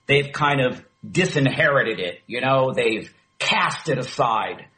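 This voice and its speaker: A middle-aged man, a former talk radio host, telling a story in an interview with emphatic, animated delivery. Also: mid-range voice, takes it slowly, low-quality recording. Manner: animated, emphatic storyteller who acts out quoted dialogue.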